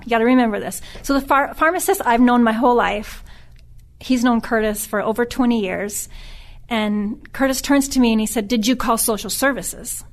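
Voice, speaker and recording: A middle-aged woman who is a podcast guest, telling a personal story in a subdued, earnest way that often stops and restarts. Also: fairly high pitch. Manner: halting, with frequent restarts.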